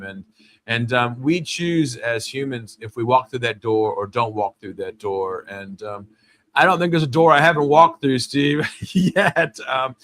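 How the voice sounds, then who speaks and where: A man's voice: medium pitch, bright, forceful tone. A man hosting a live show, talking casually and rambling, with many repeated words. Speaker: host.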